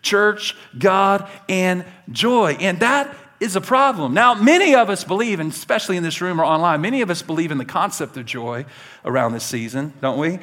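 A man preaching a sermon to his church, animated and conversational, laughing along with his stories and talking straight to the congregation. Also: high voice, moderate pace. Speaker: pastor.

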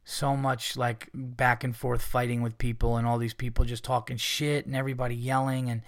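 A man's voice: medium pitch, little pitch movement, moderate pace, no echo, studio quality. A man hosting a podcast, rambling casually with lots of swearing, fillers and restarts. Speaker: podcast host.

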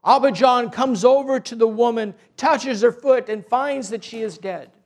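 A man telling a religious story in a slow, deliberate, gentle way. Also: very high-pitched.

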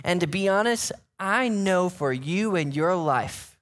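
A high-voiced man delivers a sermon as a pastor, keeping it casual and conversational. He tosses in quick "right?" check-ins with the congregation and acts out scripture scenes with lively retellings. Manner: conversational preaching, frequent "right?" asides, animated retellings.

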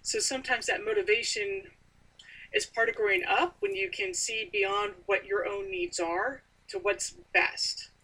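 A woman in casual chat about a book, thoughtful and measured, with frequent "you know". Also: mid-range voice, expressive, sharp tone, slightly rough, recorded from a distance, rough recording. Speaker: book discussion co-host.

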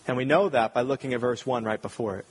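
Husky preacher in a reverberant hall. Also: male voice, medium pitch, fast talker. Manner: earnest, emphatic preaching with repeated phrases. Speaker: pastor. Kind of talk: sermon.

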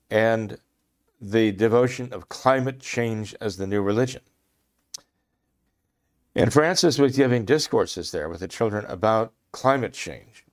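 A man giving impassioned religious commentary, emphatic and repeating phrases for stress, clearing his throat often. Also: on the low side.

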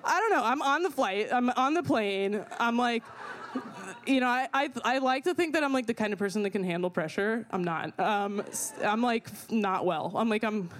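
A young woman telling a personal story in an animated way, full of fillers and swearing, often laughing as she talks. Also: on the high side, normal speed. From not from America.

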